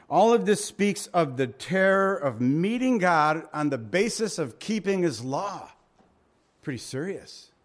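A man preaching a sermon, reading scripture and telling stories with acted quotes, his volume and pace swinging widely. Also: fairly high pitch. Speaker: pastor.

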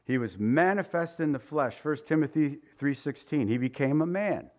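Man, preacher, sermon, higher voice, animated storytelling, chuckles, acts out voices. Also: normal speed.

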